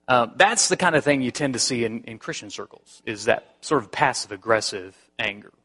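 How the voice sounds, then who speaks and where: A male pastor preaching a sermon and telling a personal story in an animated way. His voice is bright and forceful. He often restarts his phrases as he goes. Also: mid-range voice, fairly quick, breathy edge.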